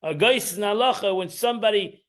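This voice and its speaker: High-voiced man teaching Torah. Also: fairly quick. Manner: rambling, repeats and restarts, emphatic rises. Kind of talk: informal Torah class.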